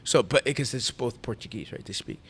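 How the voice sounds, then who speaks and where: A man, a podcast host telling a long story in casual chat, animated and rambling with restarts. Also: mid-range voice, fairly quick, slightly rough. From United States.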